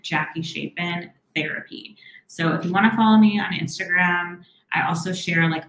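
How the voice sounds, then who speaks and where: A young woman therapist with a fairly low voice talks through viewers' questions on a live stream. She speaks quickly and casually, with frequent "um"s and restarts, and the sound bounces around an echoey room. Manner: quick, warm-toned advice with many "um"s and restarts.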